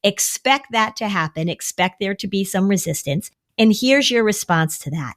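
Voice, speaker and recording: Middle-aged female therapist, podcast co-host, animated teacher who acts out quotes. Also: medium pitch, normal speed, few pauses. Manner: animated, acts out quoted voices of worry and kids. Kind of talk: podcast conversation.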